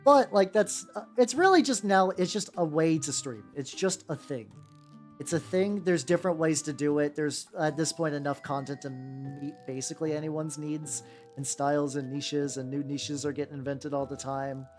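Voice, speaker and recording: A man's voice: a little high, normal speed, a little mellow. Male streamer in his 30s, rambling casual chat, cusses freely, music faintly behind. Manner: rambling, swearing, slipping into goofy voices. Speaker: VTuber streamer. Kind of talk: casual chat while painting miniatures.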